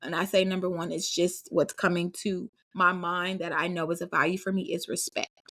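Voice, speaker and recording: A woman's voice: lowish voice, level tone, moderate pace, fairly bright tone. Earnest woman hosting a parenting podcast. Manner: earnest, emphatic, addresses listeners as y'all. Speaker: podcast host. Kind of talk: casual solo podcast talk.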